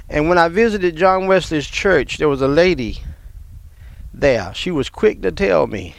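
Male pastor, 50s, gravelly, slightly high voice, rambling pulpit sermon delivery. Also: no room sound. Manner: rambling, repeats and restarts words.

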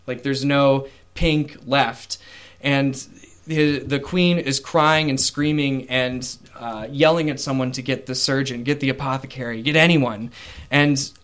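A man's voice: medium pitch, fairly even intonation, measured pace, a bit bright, clear, resonant tone. Man narrating as game master. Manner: casual, with fillers and voiced characters.

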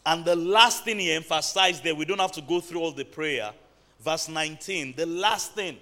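A man's voice: on the high side, moderate pace, pushed and bright. A man preaching a sermon in a church, building to emphatic bursts and calling out to the congregation. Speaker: pastor.

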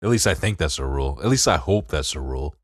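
A man's voice: a bass voice, animated, fast, dry recording, clean studio sound. A man with a Detroit accent co-hosting a podcast, talking candidly and poking fun at himself, often repeating his points. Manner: candid, self-mocking, given to repeating himself. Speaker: podcast co-host. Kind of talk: casual podcast chat.

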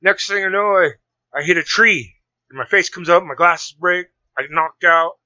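A man telling a long story in casual conversation, rambling and animated, with many restarts. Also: high-pitched, normal speed, dry recording. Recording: dull lo-fi sound.

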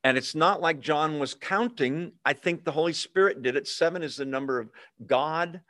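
A man's voice: a little high, moderate pace, sharp tone, no echo, studio quality. A man leading a Bible study over a video call, talking casually with fillers and humorous asides. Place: online video meeting.

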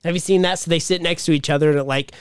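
This is a man from Utah co-hosting a podcast, trading crude, profane banter. His voice sits on the higher side. The dry, close recording has no room sound. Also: steady tone, very fast, clear, resonant tone, dry recording. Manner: blunt, profane, storytelling. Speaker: podcast co-host.

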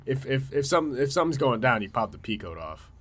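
A man co-hosting a podcast in casual chat, animated and excitable. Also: medium pitch, fairly quick. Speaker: podcast co-host.

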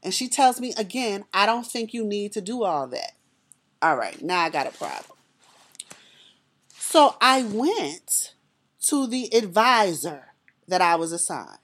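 A woman telling a personal story to an audience in a lively, conversational way, often speaking directly to her listeners. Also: mid-range voice, unhurried.

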